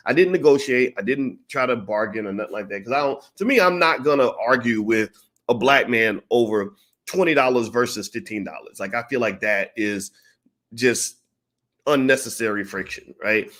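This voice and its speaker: A man telling a story in a casual, profane, animated way, acting out what people said. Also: mid-range voice, moderate pace. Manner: profane, animated, acts out quotes. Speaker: channel host.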